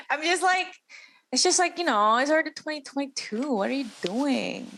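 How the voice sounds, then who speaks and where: A woman's voice: high-pitched, animated, moderate pace, a bit bright. A young woman from Macau, co-hosting a podcast, chatting casually and animatedly, full of fillers and quoted voices. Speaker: podcast co-host. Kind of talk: casual reaction chat.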